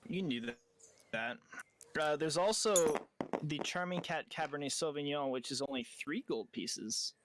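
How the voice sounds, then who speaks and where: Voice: mid-range voice, normal speed, noisy background. Dm on discord running a shop, swears a lot, laughs, mid voice. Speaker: game master. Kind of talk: running a tabletop game over voice chat. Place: home, voice chat.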